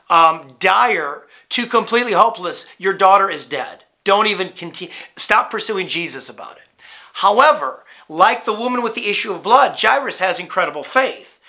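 A man's voice: high voice, sharp tone. A male pastor preaching a sermon in a conversational way, often checking in with "right?", restarting phrases and building to emphatic rhetorical questions.

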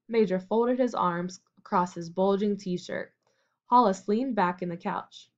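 A woman reading a novel aloud as an audiobook narrator, in an even, measured storytelling manner. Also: mid-range voice, dull audio.

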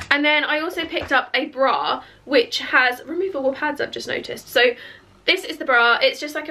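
Chatty woman with a croaky voice. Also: sits high, bright, forceful tone. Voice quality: chatty, filler-heavy with lots of "like". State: croaky voice cracking from hiccups. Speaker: fashion vlogger. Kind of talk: casual try-on haul chat. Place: bedroom beside a clothes rail.

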